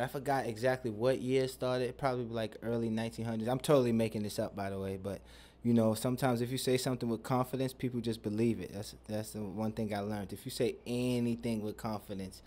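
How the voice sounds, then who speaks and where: A man's voice: mid-range voice, fairly even intonation, a little fast, a little mellow. A young man hosting a podcast, talking in a loose, profane, rambling and joking way. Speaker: podcast host. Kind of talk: casual chat.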